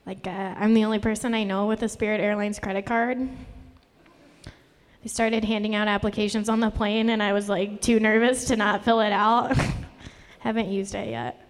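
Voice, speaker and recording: A woman's voice: medium pitch, level tone, normal speed. A young woman doing a live stand-up set, nervous and rambling, self-deprecating, with a voice that always sounds on the verge of tears. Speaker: stand-up comedian. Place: live comedy venue. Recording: live room with long reverb.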